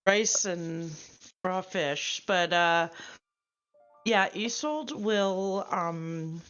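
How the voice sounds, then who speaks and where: A woman playing a tabletop game, speaking in a slow, hesitant way. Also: on the low side, fairly bright tone, clean tone, lo-fi sound, faint music behind. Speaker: player. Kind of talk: casual chat at a game table.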